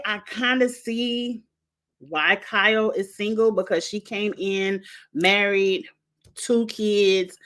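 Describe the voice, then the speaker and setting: A woman's voice: medium pitch, unhurried, a bit bright. Chatty woman giving frank opinions. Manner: chatty and frank, talks straight to the contestants. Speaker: reality show reviewer, host. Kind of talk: casual opinionated recap.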